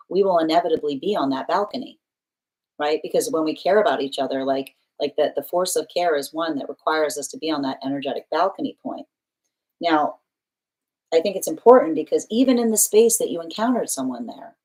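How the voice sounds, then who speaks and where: A woman with a low voice talks a client through a live tarot reading. She explains in an earnest, searching way and circles back over her own phrases. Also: darkish tone, poor audio. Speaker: tarot reader.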